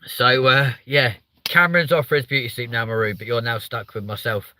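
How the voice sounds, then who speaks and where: A man's voice: mid-range voice, fairly even intonation, brisk, sharp tone, dry recording. A man from England hosting a live stream, chatting bluntly and swearing often while reading out viewer comments. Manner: blunt, sweary, reads chat aloud. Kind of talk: casual live stream chat.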